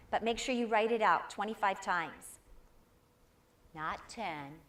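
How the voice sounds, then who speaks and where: A woman giving a live inspirational talk at a spiritual center, lively and encouraging, prompting the audience to answer back. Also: mid-range voice.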